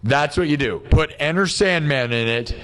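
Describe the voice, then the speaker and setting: Ranting livestream host, man, higher voice. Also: normal speed, a bit bright, clear, resonant tone. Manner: ranting, exasperated, says "dude" and "bro" a lot. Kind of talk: casual livestream rant.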